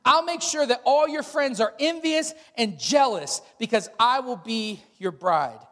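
A man's voice: very high voice, lively intonation, measured pace, pushed and bright, in a large hall, full character voice. A man voicing a female talking frog who bargains to be kissed, indignant and emphatic. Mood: coaxing.

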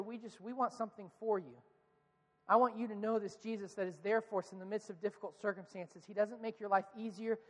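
A man's voice: high-pitched, in a large hall. A man preaching a sermon as the church's pastor, earnest and asking the congregation questions.

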